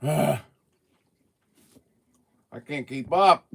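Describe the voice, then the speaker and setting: A man's voice: fairly high pitch, extremely slow, creaky, a bit bright, husky. A man hosting a casual livestream, chatting with viewers while eating and talking with his mouth full. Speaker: livestream host.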